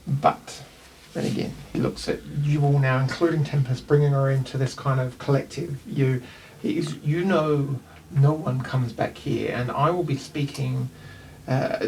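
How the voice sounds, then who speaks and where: A man's voice: medium pitch, fairly even intonation, measured pace, a little mellow, recorded from a distance, slight background noise. A man with a New Zealand accent narrating a tabletop game as game master, in a loose, rambling way.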